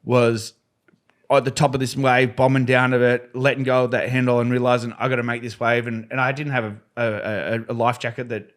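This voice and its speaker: A man guest on a podcast, telling his stunt stories in a casual, animated way and acting out the voices of the people in them. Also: medium pitch, fairly quick. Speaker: podcast guest, freestyle motocross rider. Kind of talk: casual storytelling.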